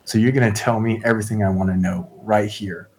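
A man's voice: on the low side, steady tone, fast, darkish tone, slight background noise, lightly acted. A man voicing a brash, tough young woman adventurer in a tabletop game, speaking blunt, scornful threats in an everyday voice. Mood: contemptuous. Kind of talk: tabletop role-play.

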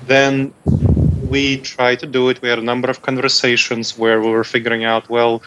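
A man's voice: mid-range voice, little pitch movement, normal speed, muffled recording, noisy background. A man, a guest author, answering eagerly in an interview and often correcting himself mid-sentence. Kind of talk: casual interview talk.

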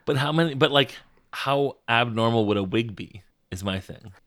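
A man co-hosts a casual podcast in a plain, mid-pitched voice. He mostly chimes in with short agreements, then rattles off cast credits in a steady list. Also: moderate pace. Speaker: podcast co-host. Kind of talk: casual chat.

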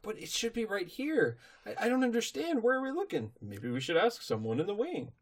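A man doing an anxious young female unicorn pony, fretful and flustered. The voice climbs high and swings about as she frets. It is a casual, lively pony impression tossed into a chat. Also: brisk, heavily acted.

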